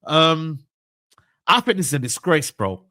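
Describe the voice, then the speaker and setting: A man's voice: fairly high pitch, sing-song, unhurried, pushed and bright. A man ranting in a heated reaction stream, full of slang and repeated outbursts. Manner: ranting, slangy, repeats "bro" and "are you mad".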